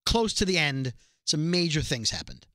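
A man co-hosting a podcast, chatting quickly and casually and reading aloud from a letter. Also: on the high side, big pitch swings, a bit bright, no room sound, clean studio sound. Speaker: podcast co-host. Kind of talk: casual chat.

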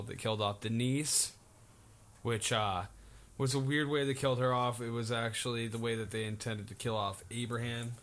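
A man's voice: mid-range voice, fairly bright tone. A man co-hosting a casual podcast, recapping TV shows in a laid-back way with lots of fillers. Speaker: co-host.

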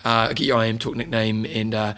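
A man's voice: fairly low pitch, completely flat delivery, brisk, a bit bright. A man co-hosting a podcast, chatting casually and laughing often. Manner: laughs often, jokey banter. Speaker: podcast co-host. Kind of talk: casual chat.

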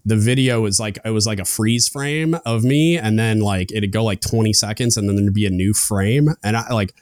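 A young American man hosts a podcast of casual chat, talking loosely with lots of fillers and restarts. His voice is low-leaning and a little mellow at a normal speed, captured in a dry, studio-quality recording.

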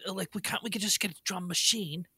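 A man's voice: high voice, fairly quick, bright, forceful tone, slightly rough, no echo. A man performing in an improv comedy scene, flustered and stammering.

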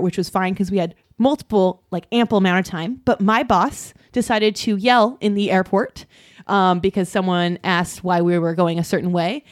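A woman telling a travel story in a casual chat, measured, with many fillers and asides. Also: mid-range voice. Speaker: podcast co-host.

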